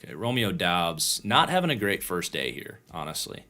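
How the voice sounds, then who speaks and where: A man's voice: low-pitched, sing-song, normal speed, bright, forceful tone. A tired man hosting a livestream, casually breaking down football game film and thinking aloud with frequent restarts. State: tired, yawning. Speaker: host and football draft analyst.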